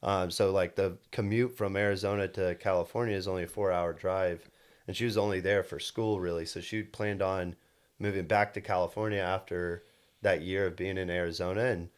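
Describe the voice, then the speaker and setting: A man's voice: deep voice, steady tone, fairly quick, smooth. A young man in his twenties, a podcast co-host, telling a personal story in casual chat, earnest and rambling with many restarts. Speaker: podcast co-host and solar salesman.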